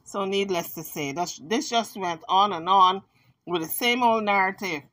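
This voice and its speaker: A woman vlogger giving chatty, sassy, animated commentary on an argument. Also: mid-range voice, normal speed, faint music behind. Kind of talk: casual commentary recapping drama.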